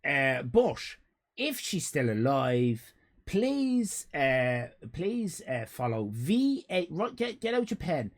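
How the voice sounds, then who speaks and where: A man's voice: on the high side, big pitch swings, slow. A man with an Irish accent, chatting casually to his live-stream audience, rambling and joking and calling out viewers by name. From Ireland. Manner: rambling, jokey, talks to chat by name.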